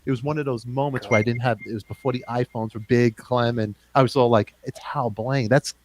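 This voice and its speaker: A man's voice: medium pitch, steady tone, fast talker, slight background noise, rough recording. A middle-aged man with a New York accent, hosting a casual interview and talking in chatty bursts. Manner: chatty, talks in bursts with restarts. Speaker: podcast host.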